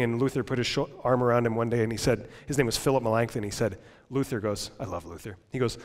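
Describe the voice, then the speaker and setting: A man preaching a sermon as pastor, dramatic and swinging from loud to hushed delivery. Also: mid-range voice, quick pace. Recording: long church reverb.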